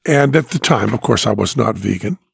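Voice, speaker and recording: A male podcast host with a gravelly, husky voice tells a story in casual chat, his pitch swinging in an animated way. The recording is dry and close. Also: brisk, dry recording. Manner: animated anecdote teller, often laughing.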